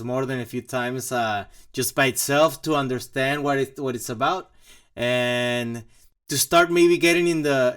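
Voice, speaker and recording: A man's voice: mid-range voice, a bit bright, clear, resonant tone. A man hosting a casual walkthrough vlog about his own music, rambling and joking with many fillers and mock asides. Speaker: composer and channel host.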